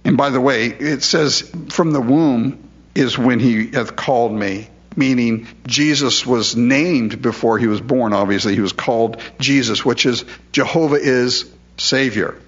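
A man's voice: mid-range voice, unhurried, dull audio. A man preaching a verse-by-verse sermon in a conversational way, often asking rhetorical questions. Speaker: pastor. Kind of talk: expository sermon.

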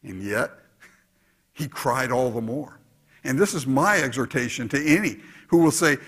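A man preaching a sermon in a husky, slightly raised voice. His pitch swings widely, sinking low for hushed asides and climbing high when he presses a point. He talks to a congregation in an animated, exhorting way. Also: a little slow. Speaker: pastor.

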